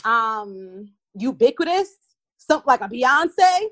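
Wry, high-voiced radio host, woman. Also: big pitch swings, slow. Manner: wry, confident, teasing. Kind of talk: casual podcast interview.

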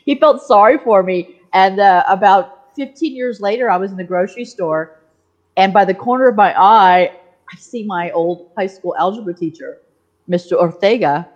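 A middle-aged woman hosting a podcast, telling stories in a casual, animated way and laughing often. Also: medium pitch, muffled recording. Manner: animated storyteller, laughs often, voices quoted people. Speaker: podcast host. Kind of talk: casual chat.

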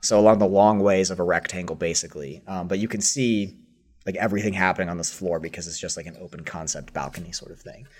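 Low-voiced man running a tabletop game. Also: steady tone, fast talker. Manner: casual, hesitant narration with many fillers. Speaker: game master.

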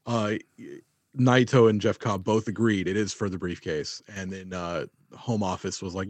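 A man co-hosting a podcast, chatting casually about wrestling, excitable, teasing and full of swearing. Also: low voice, normal speed, no room sound. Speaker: podcast co-host.

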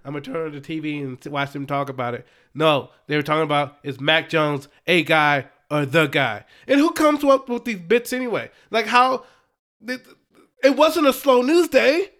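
A young man co-hosting a casual sports podcast, talking in an animated, exasperated rant. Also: high voice, moderate pace. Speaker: podcast co-host.

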